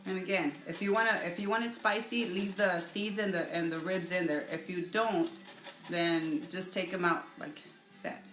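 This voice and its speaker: A middle-aged woman chats her way through a home cooking demo, her voice a touch low and her talk loose and halting. She sounds like she is in an echoey kitchen, with faint music playing underneath. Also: fairly even intonation, fairly bright tone. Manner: casual, halting, greets viewers by name while cooking. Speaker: cooking show host. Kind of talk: live-stream cooking demo, chatty.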